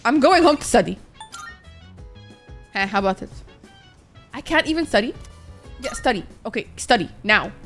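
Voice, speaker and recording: This young woman's voice runs on the high side with lively intonation, normal speed and long pauses. During her let's-play livestream she swears and rants dramatically in exasperation at the game, faint game music audible behind her.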